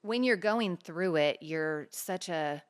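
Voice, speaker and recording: A middle-aged woman co-hosting a talk show tells a personal story with earnest animation, acting out the dialogue as she quotes it. Her voice is clear and resonant, fairly low in pitch, and she takes her time. It's casual podcast chat built around her own storytelling.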